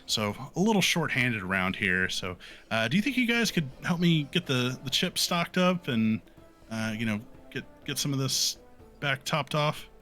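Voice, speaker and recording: A man voicing a small, harried female gnome librarian who rambles through fillers in a high, squeaky voice. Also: very animated, moderate pace, bright, forceful tone, soft background music. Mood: pleading.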